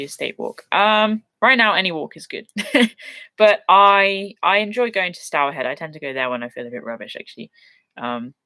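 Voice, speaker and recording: A woman's voice: low voice, pushed and bright, no room sound. Chatty young Englishwoman on a live stream. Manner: chatty, self-deprecating, laughs often. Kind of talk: casual live chat reading viewer questions.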